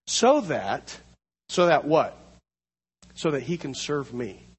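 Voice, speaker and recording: A man preaching a sermon, teaching through a Bible passage, slowing down to read scripture aloud. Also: fairly high pitch, very animated, breathy edge, long reverb tail.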